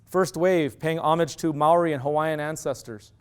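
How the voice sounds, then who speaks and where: A middle-aged man giving an animated storytelling lecture, acting out quoted dialogue. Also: on the high side, normal speed, smooth. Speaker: university lecturer.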